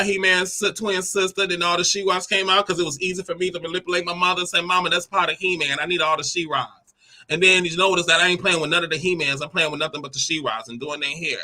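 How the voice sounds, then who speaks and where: A woman in her forties, hosting her own show, tells a personal story in a sassy, animated way. She laughs often, acts out the quoted lines and calls the listener "honey" and "baby". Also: lowish voice, quick pace. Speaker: host. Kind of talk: candid personal storytelling monologue.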